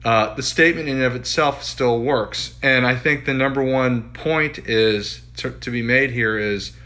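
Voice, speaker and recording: This painter talks at a measured pace in a mid-range voice that sounds pushed and bright. He's on a phone livestream from his studio indoors, chatting loosely and reading out his own writing, frequently starting over and repeating himself.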